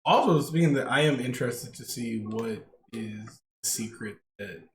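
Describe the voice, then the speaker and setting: Speaking at medium pitch and a normal speed, a male podcast co-host chats casually about wrestling. He rambles, restarting sentences and using many fillers. Faint background noise and room echo are audible.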